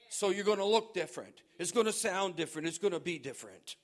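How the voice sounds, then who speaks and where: High-voiced forceful male preacher. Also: animated, fast, hardly any pauses. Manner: forceful, exhorting, reads scripture aloud. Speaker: pastor. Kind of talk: sermon.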